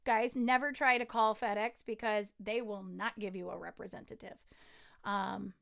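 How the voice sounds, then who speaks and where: A woman singer-songwriter chatting casually on a livestream, excitable and rambling, with frequent giggles. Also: medium pitch, normal speed, vocal fry.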